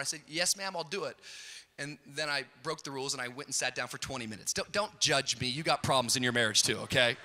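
A middle-aged man preaching a sermon, telling a funny story in a storyteller's way and building up to shouted peaks. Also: mid-range voice, fast talker. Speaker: pastor. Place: large church auditorium. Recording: hall reverb.

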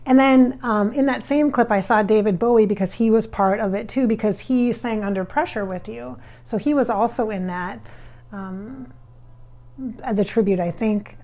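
A woman's voice: mid-range voice, a little mellow. A woman working as a psychic medium, talking through a channeling session in a chatty, rambling way. She often corrects herself as she goes.

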